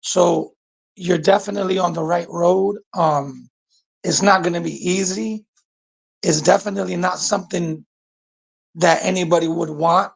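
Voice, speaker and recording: High, gravelly man speaking haltingly. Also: steady tone. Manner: measured and hesitant, filling pauses with ums. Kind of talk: casual livestream chat.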